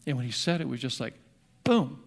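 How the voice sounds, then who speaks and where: An older man who is a pastor, preaching a sermon in an earnest storytelling manner that shifts between hushed and emphatic. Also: medium pitch, very fast, vocal fry.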